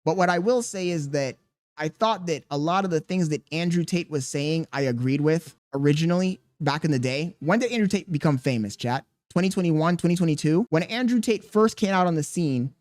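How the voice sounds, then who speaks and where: A man streaming live and commenting on clips in an animated, exclaiming way. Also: on the high side, brisk, no room sound, clean studio sound. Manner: animated, laughing, exclaims often. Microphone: streaming studio mic.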